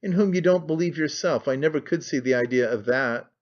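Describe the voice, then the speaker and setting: In a dull lo-fi recording, a man reads aloud, voicing a sick young woman in labour who is scornful, imperious, angry and anguished. His pitch is fairly high and his pace brisk, close to an everyday voice.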